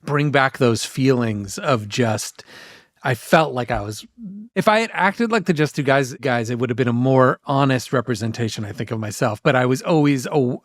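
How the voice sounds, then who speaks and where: A man's voice: mid-range voice, normal speed, no room sound, studio quality. A man in his forties co-hosting a podcast, chatting casually in a rambling, self-deprecating way with frequent laughs. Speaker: podcast co-host. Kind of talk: casual chat.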